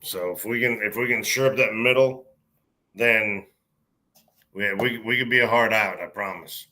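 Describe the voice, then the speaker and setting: Man, podcast co-host, low-pitched, bright edge, blunt, swears a lot. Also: moderate pace. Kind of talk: casual chat over beers.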